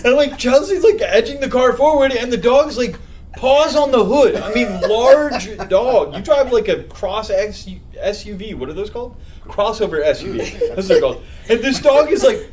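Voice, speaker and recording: A man co-hosting a podcast, telling a story in a casual chat, laughing and acting out quotes loudly. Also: sits high, a little hiss or hum. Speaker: podcast co-host.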